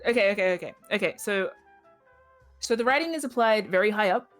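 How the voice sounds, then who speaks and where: A woman's voice: medium pitch, lively intonation, a little fast, faint music behind. A woman playing in a tabletop game, chatting casually and joking with her group. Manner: playful and joking, laughs often. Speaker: player.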